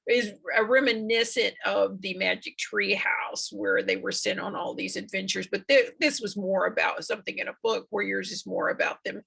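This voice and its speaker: A middle-aged woman hosting a podcast interview, encouraging her guest with warm affirmations. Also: mid-range voice, very animated, normal speed, creaky, few pauses, breathy edge. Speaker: podcast host. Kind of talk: conversational interview.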